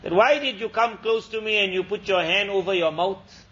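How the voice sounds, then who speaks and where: A stern king from an old tale, demanding answers, voiced high and clear by a male preacher quoting him. The sound is muffled and lo-fi, like an old lecture tape. He speaks with plain authority rather than theatrical flair. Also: moderate pace, sharp tone, slight background noise. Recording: dull lo-fi lecture recording.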